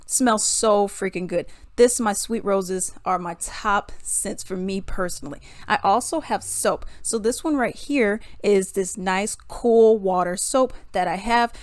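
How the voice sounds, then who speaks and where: A chatty young woman talks straight to her viewers in a relaxed storytime vlog, laughing often and saying "y'all". Her voice sits in a middle range for a woman. The sound is close and dry, with no room echo. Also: medium pitch, measured pace, few pauses. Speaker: vlogger. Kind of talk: casual storytime and reaction commentary.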